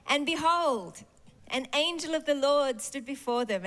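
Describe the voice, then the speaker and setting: A woman's voice: high voice, normal speed, fairly bright tone. A woman preacher giving a sermon in a church service. She talks expressively and animatedly and often laughs.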